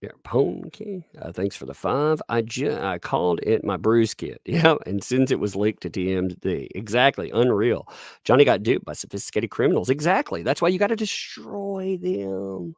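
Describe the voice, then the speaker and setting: A man's voice: big pitch swings, normal speed, darkish tone, dry recording, clean studio sound. A man hosting a live stream, commentating sarcastically, reading chat and laughing often. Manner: puts on squeaky mocking voices when quoting people.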